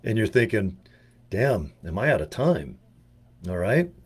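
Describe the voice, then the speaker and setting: An older American man rambles through a casual monologue, cracking jokes and dropping slang as he goes. His voice sits low. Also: sing-song, a little slow, husky. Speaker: video presenter. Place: home in Utah.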